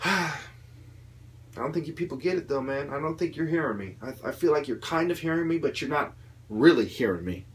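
A man's voice: on the high side, expressive, a little fast. A young man delivering a heated, profane political rant, mocking the people he criticizes in put-on voices. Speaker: video commentator.

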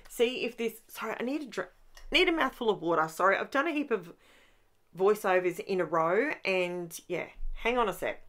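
A woman with an Australian accent, chatting through a voiceover of her own scrapbooking process in a lively, animated way. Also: mid-range voice. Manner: chatty and animated, with rising exclamations and laughs. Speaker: scrapbooking channel host. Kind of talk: voiceover narration of a crafting process.

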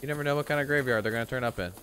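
A man's voice: mid-range voice, rapid-fire, noisy background. A man giving casual, joking commentary while playing a video game. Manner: joking, playful asides. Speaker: let's play host.

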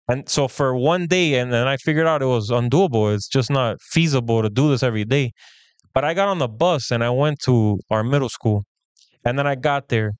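A man in his thirties talks casually as a podcast co-host and puts on the voices of the people he quotes. His voice is smooth and clear, at a mid pitch. The sound is dry and close. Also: brisk, dry recording. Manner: animated, acts out quoted dialogue. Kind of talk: casual storytelling chat.

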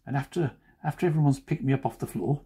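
Mellow husky-voiced joking cartoonist man. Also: mid-range voice, quick pace. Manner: joking, self-deprecating asides. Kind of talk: chatty drawing commentary.

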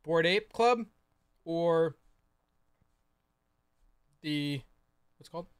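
A man's voice: on the high side, drawn-out words, clear, resonant tone. A young man reading out donations and bantering on a livestream. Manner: reads donations, easygoing banter. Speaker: streamer. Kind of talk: casual chat on a livestream.

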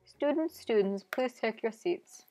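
A woman puts on a fussy male dog professor who lectures with stiff formality, weary and self-important, over faint background music as a video game plays. He sounds a touch higher than an ordinary man. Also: expressive, unhurried, darkish tone.

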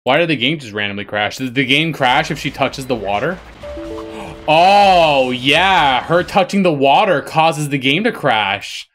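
A man commentating his own gameplay with a voice that climbs steeply into panicked squeals and drops back to calm explanation. He swears freely and jokingly brags about his skill. Faint game music plays underneath. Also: mid-range voice, unhurried. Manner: swings from calm explaining to shrieking panic and laughter; swears a lot, boasts jokingly. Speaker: gaming YouTuber.

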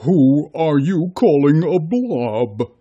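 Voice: mid-range voice, expressive, slow pace, dark tone, breathy edge, lo-fi sound, voice pushed up. A storybook narrator voicing a big corn-eating blob creature who talks back in a whiny, defensive way. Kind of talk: storybook reading.

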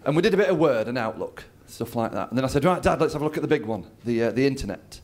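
A man's voice: mid-range voice, expressive, fast, darkish tone. Man telling a stand-up story. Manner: storytelling, acts out his dad's lines. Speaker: stand-up comedian. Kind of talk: stand-up routine. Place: comedy venue with a live audience.

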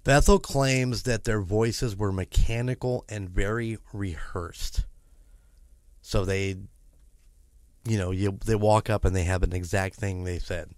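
A man with a fairly low voice reads a creepy story aloud, breaking off now and then for loose, chatty asides. The recording is dry and close, with no room sound. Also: fairly even intonation, a little slow, no echo. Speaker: podcast co-host reading a story. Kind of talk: casual podcast storytelling.

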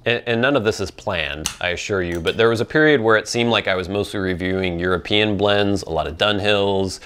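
Low-voiced rambling male host. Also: a little fast, fairly bright tone, clean tone. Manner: rambling, thinks aloud with many ums. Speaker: pipe tobacco channel host. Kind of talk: casual viewer Q&A chat.

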